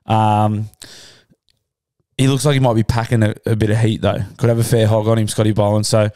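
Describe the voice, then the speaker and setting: Laid-back Australian podcast host. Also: male voice, fairly low pitch, little pitch movement, fairly quick, warm tone. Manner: laid-back, sweary banter. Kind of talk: casual podcast chat.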